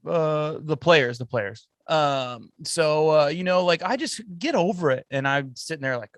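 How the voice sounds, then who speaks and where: A man's voice: fairly high pitch, animated, unhurried, few pauses, no echo. Blunt, opinionated man, dry close sound. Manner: opinionated and blunt, says "bro". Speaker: podcast co-host. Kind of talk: casual sports chat.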